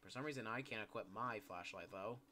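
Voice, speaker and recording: A man's voice: lowish voice, brisk, background noise. A young man chatting casually while playing a game, rambling with lots of "yeah" and "like" fillers. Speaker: gameplay commentator. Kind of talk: casual gaming chat.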